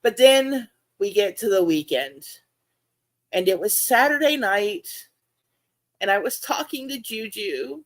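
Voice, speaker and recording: A woman, hosting her aquarium vlog and chatting casually, laughing often and jumping into high-pitched reenactments of her own reactions. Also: lively intonation, a little slow. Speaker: aquarium channel host. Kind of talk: casual chat to livestream viewers.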